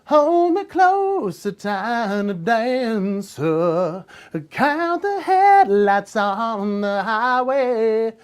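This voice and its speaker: Man doing a slow-crooning male pop star impression, high voice, long drawn-out notes, twangy singing, faint music behind. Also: big pitch swings, clear, resonant tone, heavily acted. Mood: tender crooning.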